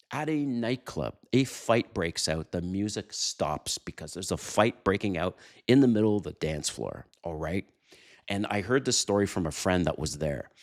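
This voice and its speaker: A man hosting a dating advice channel, talking casually and animatedly to viewers, telling quick stories and chuckling. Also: lowish voice. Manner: animated storytelling, chuckles, addresses viewers directly. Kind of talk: casual advice monologue to camera.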